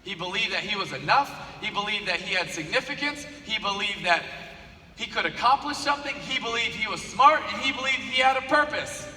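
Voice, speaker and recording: Bright-voiced man telling a story. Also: high-pitched, brisk, slight background noise. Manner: animated storyteller, repeats phrases for emphasis. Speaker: speaker. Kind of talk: motivational storytelling speech. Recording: echoey hall, from far off, faint ambience.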